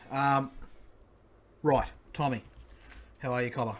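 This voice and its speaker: An Australian man co-hosting a casual sports podcast, telling crude stories with animated delivery. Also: mid-range voice, a little slow, faint music behind. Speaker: podcast co-host.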